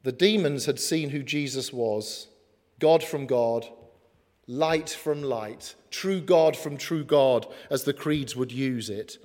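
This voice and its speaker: A man preaching a sermon in an earnest way, slowing down for emphatic lines. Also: mid-range voice, darkish tone. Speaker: pastor. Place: church hall. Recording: long hall reverb.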